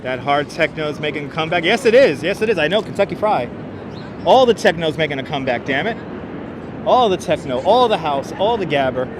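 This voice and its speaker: Chatty, high-voiced man streaming outdoors. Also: expressive, fairly quick. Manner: chatty, playful, bursts into loud yelling and sing-song calls. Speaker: live streamer. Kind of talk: walking live stream. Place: outdoors in a city and in an elevator. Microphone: wireless clip-on mic. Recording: street noise clearly behind.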